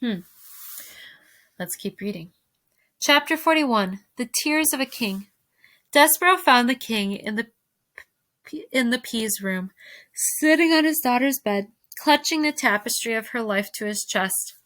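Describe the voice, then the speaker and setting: A woman teacher reading a novel aloud to her fifth-grade class, expressive and speaking directly to her listeners. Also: on the high side, measured pace, long pauses, dry recording.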